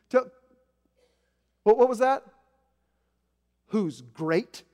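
A man in his forties from Arkansas, preaching a sermon with self-mocking stories, shifting from quiet asides to loud emphasis. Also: high voice, animated, very slow. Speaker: pastor. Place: church sanctuary. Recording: echoey hall.

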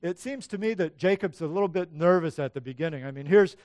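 A man's voice: a little high, quick pace, a little mellow, dry recording, clean studio sound. A man preaching a sermon in a conversational teaching manner, acting out the Bible passages he quotes. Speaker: pastor.

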